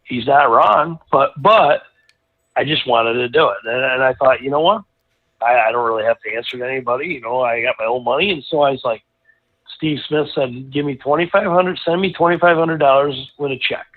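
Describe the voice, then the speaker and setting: Male guest, chatty rambling storyteller, mid-pitched, phone-quality audio. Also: a little fast. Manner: rambling, animated storyteller with many restarts. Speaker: racing driver guest. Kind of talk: casual storytelling interview. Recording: tinny phone-like line.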